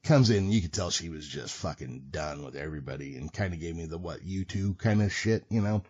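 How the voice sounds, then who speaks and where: A man's voice: extremely low pitch, fast, breathy edge. A man hosting a podcast, telling a story in a casual, profane, wry way. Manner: profane, wry, animated retelling. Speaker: podcast host. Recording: muffled lo-fi audio.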